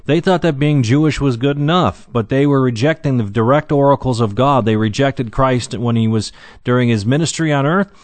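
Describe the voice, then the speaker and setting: Guy teaching bible verse by verse, middle pitch, dry sound, lots of uh and restarts. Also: dry recording. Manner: reads scripture slowly, then explains with fillers and restarts.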